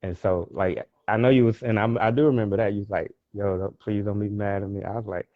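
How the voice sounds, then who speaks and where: A man's voice: lowish voice, steady tone, brisk, dry recording. A man on a podcast, telling his story in casual slang and laughing now and then. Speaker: podcast co-host. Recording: tinny phone-like sound.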